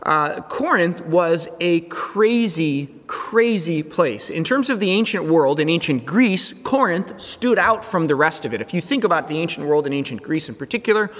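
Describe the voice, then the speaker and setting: A man's voice: fairly high pitch, expressive, fairly quick, hardly any pauses, fairly bright tone. A man preaching a conversational sermon as pastor, casual and chatty, with frequent fillers and restarts. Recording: long hall reverb.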